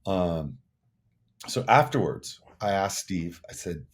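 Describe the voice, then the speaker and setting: A man's voice: deep voice, expressive, slow. A man in his sixties, a musician guest telling stories in an earnest, reflective way, often repeating words as he thinks. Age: 60s. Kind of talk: casual interview storytelling.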